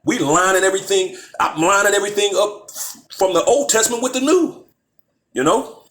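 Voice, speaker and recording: A man with a somewhat raised pitch teaches scripture in an informal, talky way. He reads verses slowly and deliberately, then presses his listeners with pointed rhetorical questions. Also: fairly bright tone. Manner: conversational, peppered with "man, you know". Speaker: bible teacher.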